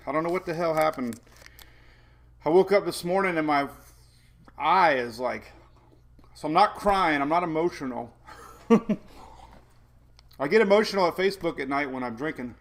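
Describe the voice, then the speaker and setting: Man, weather host, casual live chat, jokey, rambling, slightly higher voice. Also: expressive, moderate pace, pauses often, fairly bright tone. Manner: rambling, jokey, self-deprecating with frequent laughs. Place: home.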